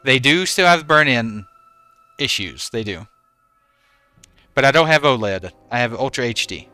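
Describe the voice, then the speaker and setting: Chatty streamer guy in his 40s, bright smooth voice, dry sound, reading chat names out. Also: medium pitch, expressive, a little slow, no room sound, soft background music. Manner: chatty, answers chat by name. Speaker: game streamer. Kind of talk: casual chat with stream viewers.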